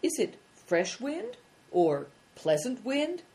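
Christian, a woman doing a quick-witted boy. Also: a little high, sing-song, a little mellow, pitched above the performer's own voice, full character voice. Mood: wary. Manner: prompt, wary questions. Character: thirteen-year-old boy, quick and careful.

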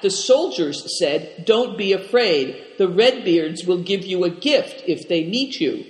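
A man reading the part of a weary male pilgrim who speaks quietly and guardedly. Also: high voice, echoey room, in a large hall, poor audio.

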